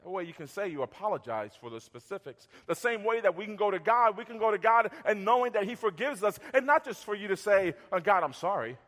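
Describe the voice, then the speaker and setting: High-voiced preacher man in a reverberant hall. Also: expressive, fast talker, hardly any pauses. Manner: conversational, repeats words, drops soft for acted apologies. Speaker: pastor. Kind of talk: sermon.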